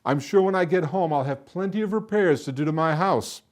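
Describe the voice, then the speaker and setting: A storyteller voicing a hungry, crafty soldier home from the war, pleading at doors and then holding forth grandly to a crowd. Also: male voice, on the high side, brisk, lightly acted. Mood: musing.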